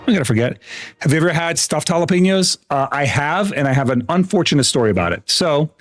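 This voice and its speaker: An American man chats casually on a gaming livestream, rambling from one story to the next. He swears freely and trips over his words, restarting sentences as he goes. His voice keeps jumping up into a high, animated register. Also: fast, soft background music. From United States. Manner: animated, often jumps up in pitch. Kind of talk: casual live-stream chat while gaming.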